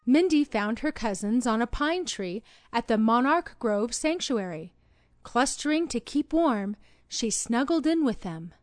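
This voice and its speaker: A woman narrating a children's read-along storybook in an expressive, sing-song storytelling manner. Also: on the high side, measured pace.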